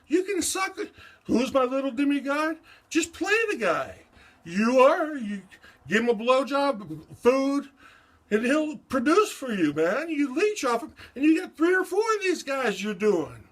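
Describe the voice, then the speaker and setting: A man's voice: extremely high pitch, very animated, a little slow, fairly bright tone. An older man delivering a rambling, profane, agitated monologue that jumps erratically from one subject to the next. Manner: erratic, profane and agitated, jumping between topics.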